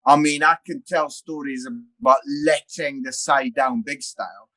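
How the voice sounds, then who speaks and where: A father chatting casually as a podcast guest, telling a self-mocking story in an animated way. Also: fairly high pitch. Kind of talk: casual chat.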